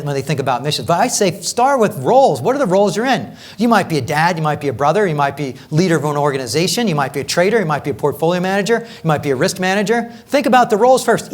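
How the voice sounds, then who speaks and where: Male workshop coach, fairly high-pitched, lively and chatty, keeps the room with him. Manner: energetic, conversational, keeps asking "right?"; repeats and restarts phrases for emphasis. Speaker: executive coach leading a workshop. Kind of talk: live workshop presentation.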